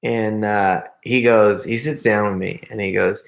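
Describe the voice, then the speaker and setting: A man's voice: on the low side, slow pace, creaky, long pauses. A middle-aged man hosting a casual live stream, telling a story and reading out viewer comments, often restarting sentences and laughing as he talks.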